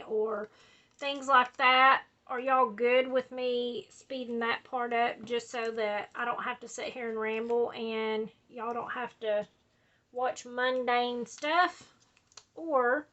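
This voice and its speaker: Chatty woman crafting host, slow and rambling, bright tone, slightly higher pitch. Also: lo-fi sound. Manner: chatty, drawling, says y'all and like a lot. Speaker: scrapbooking video host. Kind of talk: rambling casual chat while crafting.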